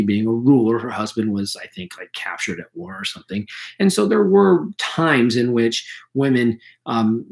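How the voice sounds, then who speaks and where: A male history teacher running a casual review session, talking loosely with many fillers, and losing his voice. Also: medium pitch. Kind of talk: live online review session.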